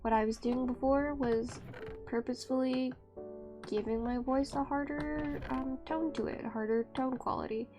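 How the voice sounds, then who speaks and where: A woman streaming a game and chatting with her viewers, speaking softly and rambling. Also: high voice, fairly even intonation, moderate pace, over music. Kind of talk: casual live-stream chat.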